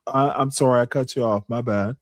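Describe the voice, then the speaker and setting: A man on a casual livestream panel, talking in a deliberate, argumentative way as he lays out his opinion. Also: medium pitch, fairly even intonation, no echo.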